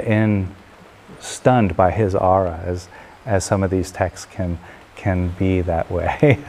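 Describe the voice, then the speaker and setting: Man telling an old parable, low deep voice, relaxed, little bit of room hum. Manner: relaxed, unhurried, with filler pauses. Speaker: storyteller. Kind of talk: spoken parable storytelling.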